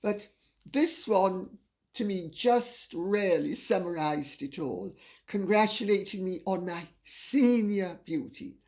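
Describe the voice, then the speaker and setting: A woman's voice: medium pitch, animated, takes it slowly, darkish tone. An older woman hosting her channel, reading viewer messages aloud and laughing often as she reads. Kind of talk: casual chat.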